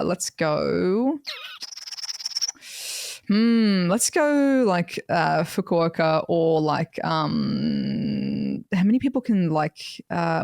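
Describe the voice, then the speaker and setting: A woman's voice: on the low side, a little mellow, no echo. Bubbly Australian woman, chatty and dry. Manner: bubbly, laughing often, rambling with fillers. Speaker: guest. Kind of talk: casual podcast chat.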